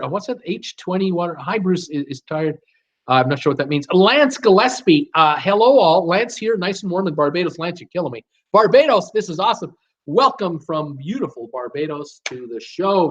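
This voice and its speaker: Chatty man hosting a lo-fi live stream. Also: a little high. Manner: chatty, upbeat, reads names and greetings aloud with many fillers. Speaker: host of a live cruise chat show. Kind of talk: live stream reading viewer comments.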